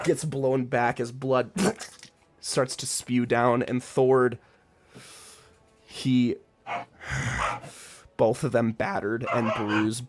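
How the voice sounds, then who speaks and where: A man narrating a tabletop game as game master, in slow, halting sentences. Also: mid-range voice.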